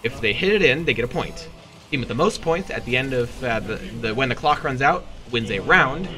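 Bright-voiced teen boy commentating. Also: medium pitch, brisk. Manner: joking, easily sidetracked, bursts into loud excited yells. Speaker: student esports commentator. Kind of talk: casual play-by-play commentary.

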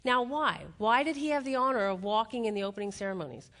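Brief: woman keynote speaker, middle-aged, higher voice, lively storyteller playing to a live crowd. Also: fast talker. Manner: animated storytelling, acts out quotes, laughs at own jokes. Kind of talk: live keynote speech with stories. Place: stage before a live audience.

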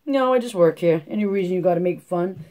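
A man's voice: high voice, quick pace, a little mellow, close to an everyday voice. A man voicing a small, sly store clerk who giggles and talks in a glib drawl.

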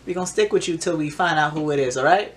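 A woman's voice: sits low, quick pace, very noisy. A woman giving casual reaction commentary on a TV singing show, talking back to the screen with sass. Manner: sassy, talks back to the screen. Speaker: reaction vlogger.

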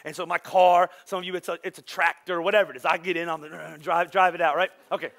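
Bright, high-voiced joking pastor. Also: male voice, quick pace, gravelly. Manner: animated, joking, acts out congregation voices. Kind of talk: conversational sermon.

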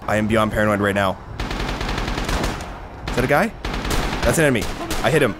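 A young man doing casual, excitable gameplay commentary, rambling, swearing and laughing between remarks. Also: lowish voice, fairly quick. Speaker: gaming commentator. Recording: noisy with game gunfire behind. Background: gunfire and artillery from the game.

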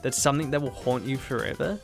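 A man voicing a gentle, nervous middle-aged male town doctor, reading the lines in a soft, lowered voice. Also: quick pace, soft background music, lightly acted. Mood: soft, earnest.

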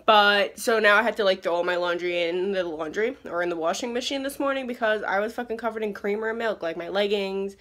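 Young woman vlogger, mid-pitched, rambling bathroom chatter full of swearing. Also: a little fast, hardly any pauses, a bit bright. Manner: chatty, rambling, swears a lot and laughs often. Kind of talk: casual chat. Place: bathroom, in a towel.

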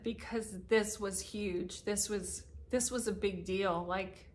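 A woman's voice: mid-range voice, fairly even intonation, slow. A middle-aged woman casino vlogger talking casually and emotionally to her viewers, laughing through tears and restarting her sentences. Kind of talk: casual heartfelt vlog talk to viewers. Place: hotel room upstairs at a casino.

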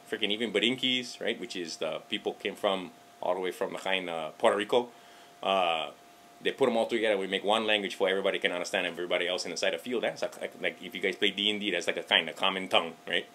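A man's voice: lowish voice, pushed and bright, slight background noise. A man with a Hawaiian Pidgin accent, ranting casually to camera about politics, joking and swearing freely. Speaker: political vlogger.

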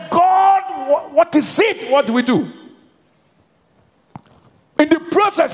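Preaching a sermon in a high voice, a male pastor asks his congregation to finish his sentences, leaving questions hanging for them to answer. His call-and-response delivery echoes through the long reverb of a large church hall.

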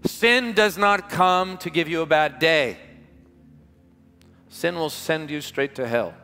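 A man preaching a revival sermon as pastor, impassioned and emphatic, stretching key words slowly for weight, recorded live in a large church. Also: a little high, sharp tone, soft background music. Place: large church hall with music behind. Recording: live church hall reverb.

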